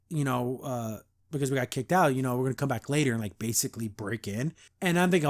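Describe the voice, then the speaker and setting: A man's voice: medium pitch, fast, hardly any pauses. A man hosting a podcast, casually recapping a cartoon episode, rambling with lots of "like" and acting out the lines he quotes. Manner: rambling, full of "like", acts out quotes.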